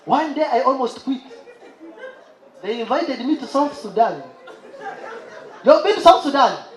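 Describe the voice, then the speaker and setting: Male comic, very high voice, animated delivery, roomy live stage sound. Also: a little slow. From Uganda. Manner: animated storyteller, exclaims and imitates laughter. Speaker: stand-up comedian. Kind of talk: stand-up comedy set. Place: live comedy show stage. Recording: roomy live venue with audience.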